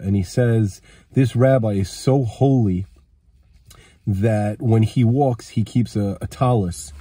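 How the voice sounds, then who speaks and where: A man who has a cold tells a personal story in a casual, rambling way, acting out what the people in it said. His lowish voice is mellow with a breathy edge, captured dry with studio quality.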